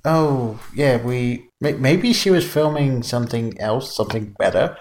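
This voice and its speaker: Man, podcast co-host, gravelly voice, joking, laughing, faint background hiss. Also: mid-range voice, measured pace, darkish tone. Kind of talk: casual film review chat.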